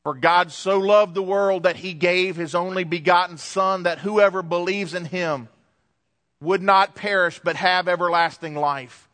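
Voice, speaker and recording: A man delivering a sermon in a church with a long, echoing reverb. His voice sits a little high and sounds bright and forceful. He drops to hushed lows, then rises to loud, emphatic peaks. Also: fairly even intonation, a little slow. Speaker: pastor. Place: church hall. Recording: echoey church hall.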